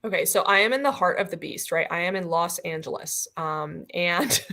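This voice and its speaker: Bright, animated middle-aged woman. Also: on the low side, normal speed. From Iran. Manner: animated storytelling, many "like" fillers. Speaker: physician and panel guest. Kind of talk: casual panel discussion.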